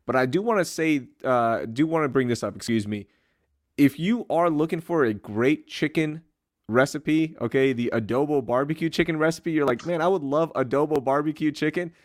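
A man's voice: medium pitch, normal speed, no echo. Easygoing man co-hosting, dry close sound. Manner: easygoing, laughs often, promotes segments. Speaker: co-host. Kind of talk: casual sports chat.

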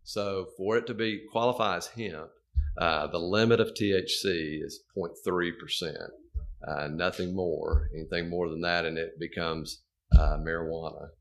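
A middle-aged man with a very deep voice explains financial matters as a podcast guest. His delivery is measured and explanatory, steady as he works through each point. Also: gravelly. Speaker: guest expert on banking.

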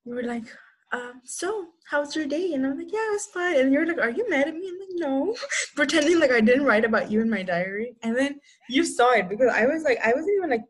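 A woman's voice: sits high, lively intonation, fairly quick, slight background noise. A woman in her twenties co-hosting a podcast, telling stories in a rambling way with many fillers and frequent laughs. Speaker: podcast co-host. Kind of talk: casual chat.

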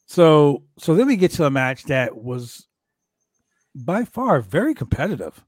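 A man with a slightly raised voice recaps wrestling in loose, animated chat. He swears often and acts out what the wrestlers said. The sound is close and dry. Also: on the high side, measured pace, no room sound. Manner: animated, profane, acts out quotes from the show. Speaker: podcast host recapping wrestling.

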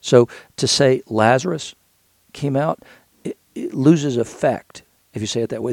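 A man's voice: medium pitch, a little slow, vocal fry, a little mellow, dry recording. A man teaching scripture in a conversational way, thinking aloud with frequent restarts and repeated words.

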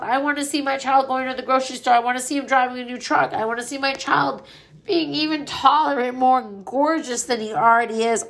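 Middle-aged woman talking straight from the heart on her podcast, blunt and earnest, kinda high voice. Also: a bit bright. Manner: candid, earnest, swears freely. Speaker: podcast host. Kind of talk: personal grief podcast monologue.

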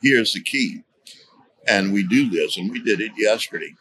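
A man speaking as a guest in a podcast interview, explaining his points deliberately and repeating key words for emphasis. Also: fairly low pitch, animated, bright, forceful tone. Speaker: guest, safety trainer.

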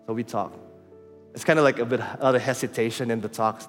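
Speaking quickly in a mid-range voice with fairly even intonation, this Filipino-accented man delivers a sermon built around a personal anecdote. He keeps it candid and conversational, slipping in Tagalog phrases. Faint music and crowd sounds echo through the reverberant hall.

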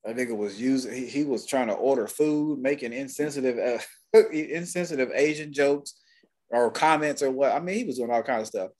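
A man's voice: medium pitch, normal speed, darkish tone. Man, podcast co-host, casual heated chat, swears freely. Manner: blunt, profane, heated.

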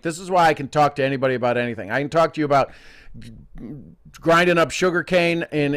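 A middle-aged man running a live coaching session, his voice sitting a little higher than most men's. He talks in a playful, teasing way, laughing often and drifting into side stories before he pulls back to the point. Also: clean tone.

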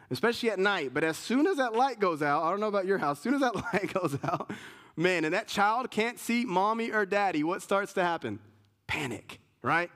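A male pastor delivering a sermon to his church, his voice sitting a little higher than most men's. He tells stories in an animated way and often stumbles and restarts his sentences. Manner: animated storytelling with many restarts and fillers. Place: church sanctuary with congregation.

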